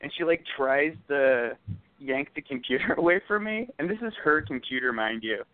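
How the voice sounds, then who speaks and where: A young man tells stories on a podcast, laughing through them and swearing freely. His voice is smooth and clear but sounds thin and phone-like, close and dry with no room sound. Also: on the high side, lively intonation, moderate pace, no echo. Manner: laughing while telling stories, profane. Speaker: podcast co-host. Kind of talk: casual storytelling chat.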